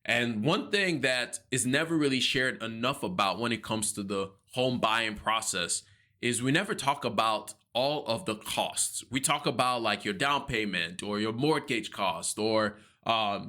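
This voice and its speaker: A man with a bright, forward voice tells a personal story on his finance vlog. He is earnest and devout, and he acts out his own worried reactions and prayers as he speaks. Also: lowish voice.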